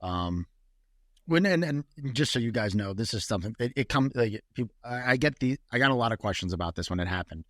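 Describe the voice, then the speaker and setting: Rambling, lively-voiced podcast host. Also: male voice, mid-range voice, brisk, no echo, clean studio sound. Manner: rambling with many restarts and swearing. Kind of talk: casual chat.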